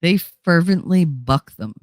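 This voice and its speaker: A livestream host with a fairly low voice speaks animatedly at a measured pace, with no echo. In her casual chat she swears freely, talks bluntly, answers viewers, and acts out the people she's describing.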